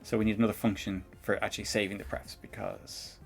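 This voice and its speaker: A man's voice: lowish voice, animated, quick pace, gravelly, faint music behind. A man with a Northern Irish accent, streaming a live coding tutorial and chatting in a rambling, chuckling way. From Northern Ireland. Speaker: programming streamer.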